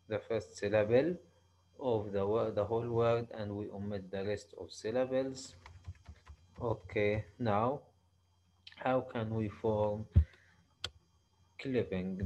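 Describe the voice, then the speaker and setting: A male university lecturer with an Arabic accent, explaining slowly in a halting way, often restarting and repeating himself. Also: fairly low pitch, darkish tone, lo-fi sound. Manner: slow, halting explanation with frequent restarts and repetitions. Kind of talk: recorded online lecture.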